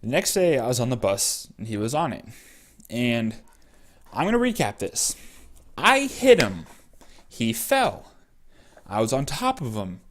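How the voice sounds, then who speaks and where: A young man tells a personal story in a casual vlog. He rambles and fills his sentences with "like" and "um". His voice sits at an ordinary middle pitch. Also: very animated, unhurried, pauses often. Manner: rambling with many fillers. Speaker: vlogger.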